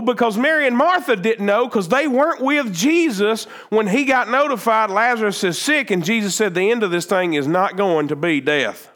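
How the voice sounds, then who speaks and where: Male pastor, high-pitched voice, emphatic sermon delivery with lots of repetition. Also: lively intonation, moderate pace, few pauses, a bit bright. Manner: earnest, emphatic preaching with repeated phrases and restarts.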